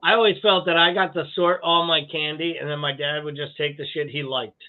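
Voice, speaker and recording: A man's voice: fairly high pitch, fairly even intonation, brisk, slight background noise. A man co-hosting a live podcast, bantering in a wry, joking way with casual swearing. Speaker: podcast co-host. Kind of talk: casual chat. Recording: tinny phone-like line.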